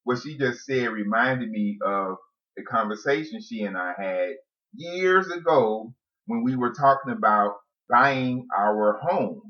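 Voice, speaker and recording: A man's voice: mid-range voice, measured pace. A man co-hosting a casual talk with his wife, laughing often as he lays out his points one at a time. His voice sits in a middle range. The sound is dull and lo-fi. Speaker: podcast co-host. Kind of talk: casual couple's chat. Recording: dull lo-fi audio.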